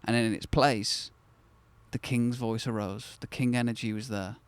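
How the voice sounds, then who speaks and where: A man's voice: medium pitch, steady tone, normal speed, smooth, dry recording. Candid man telling a personal story. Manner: candid, conversational, reflective with bursts of enthusiasm. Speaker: channel host. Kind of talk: casual personal storytelling to camera.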